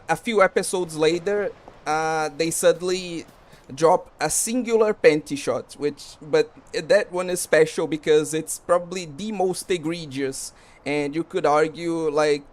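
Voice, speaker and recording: A man streaming a game, talking casually and rambling with lots of fillers. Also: fairly high pitch. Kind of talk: casual commentary while gaming.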